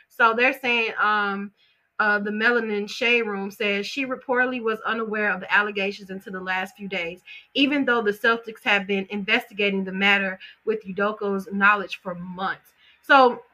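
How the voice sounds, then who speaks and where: A woman chatting casually about celebrity gossip, animated and opinionated, with slang and quick asides. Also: medium pitch.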